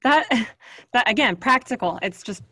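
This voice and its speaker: A woman's voice: a little high, animated, unhurried, sharp tone, dry recording, studio quality. Encouraging woman podcast host. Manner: encouraging, affirming, frequent back-channel. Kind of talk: podcast interview.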